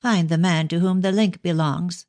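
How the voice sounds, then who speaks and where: A woman reads a dramatic middle-aged clairvoyant who gushes over visitors and slows to a grave hush in her trances. The voice sits higher than the reader's own, as she puts her on, and the sound is dry and close. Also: fairly even intonation, dry recording, close to an everyday voice. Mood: gentle. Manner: effusive, slow and solemn in trance.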